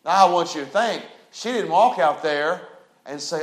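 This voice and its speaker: A male pastor preaching a folksy, emphatic sermon that rises into shouts. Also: fairly high pitch, moderate pace, roomy sound.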